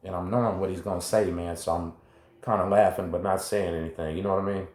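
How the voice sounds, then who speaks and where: Laid-back man, low voice. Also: fairly even intonation, quick pace, a little mellow, roomy sound. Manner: laid-back, slangy, talks straight to viewers. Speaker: host. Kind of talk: casual first-person storytelling.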